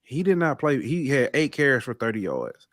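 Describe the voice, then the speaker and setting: A man co-hosting a casual sports podcast, telling game-day stories with lively swings in pitch and loudness. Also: normal speed, dry recording, clean studio sound. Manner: animated storytelling, rises in pitch and volume when excited. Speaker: podcast co-host.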